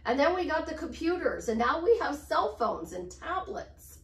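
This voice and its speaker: A middle-aged life coach uses a high, sing-song voice at a moderate pace as she speaks upbeat to camera. Affirmations get repeated amid chatty asides. The sound is roomy, as she's far from the mic.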